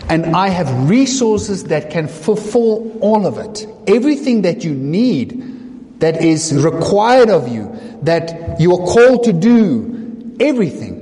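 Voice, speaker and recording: A calm, reassuring divine teacher, voiced by a preacher, speaks slowly and gently. The voice drops low and soft. It echoes in a roomy hall with long reverb. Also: male voice, exaggerated voice.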